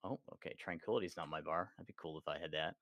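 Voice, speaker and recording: A man's voice: rumbling low, fast, a bit bright, dry recording. A young man talking to friends over voice chat during a game, laid-back and swearing casually. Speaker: teammate on voice chat.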